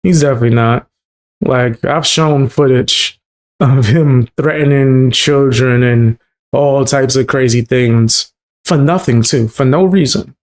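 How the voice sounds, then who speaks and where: A man's voice: mid-range voice, a little slow. A man hosting a casual reaction commentary, blunt and incredulous about what he hears. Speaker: commentary host.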